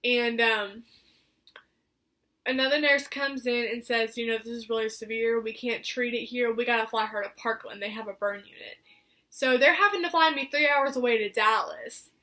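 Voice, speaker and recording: Bright high-voiced young woman storyteller. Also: normal speed. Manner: chatty, filler-heavy, acts out quoted voices. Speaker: vlogger. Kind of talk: casual storytelling to camera.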